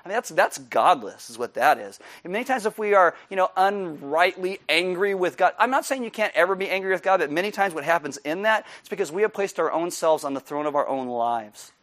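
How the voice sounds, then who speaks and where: High-voiced man giving a sermon. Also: animated, brisk, hardly any pauses, a bit bright. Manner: conversational, explains with humor and chuckles. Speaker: pastor.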